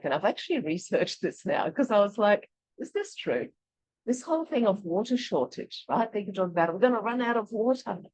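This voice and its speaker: A woman from Eastern Europe leading an online workshop, talking in a chatty, animated way and laughing often. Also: mid-range voice, no echo, rough recording. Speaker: workshop leader. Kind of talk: casual online workshop teaching.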